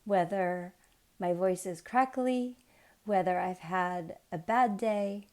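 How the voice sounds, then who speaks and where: Slow, mellow-voiced woman reading scripture. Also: on the low side. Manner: unhurried, measured reading; chatty and excited when speaking off the text. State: losing her voice from illness. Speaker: Bible reading channel host.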